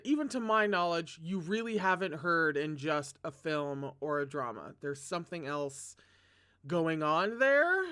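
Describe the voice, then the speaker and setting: A host reading a novel aloud, breaking off into chatty, excitable commentary with self-deprecating humor. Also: smooth. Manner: dramatic, excitable asides with big pitch jumps. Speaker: read-along host.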